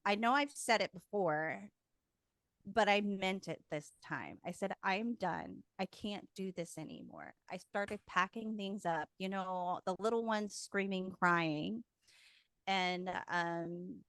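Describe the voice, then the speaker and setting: A woman's voice: mid-range voice, fairly bright tone, no room sound, clean studio sound. A woman guest telling her personal story frankly and emotionally, swearing casually. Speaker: podcast guest.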